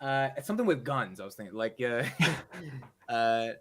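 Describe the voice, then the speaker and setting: A man hosting a podcast who chats casually in a playful, excitable, teasing way. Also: mid-range voice, moderate pace. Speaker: podcast host. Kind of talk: casual chat.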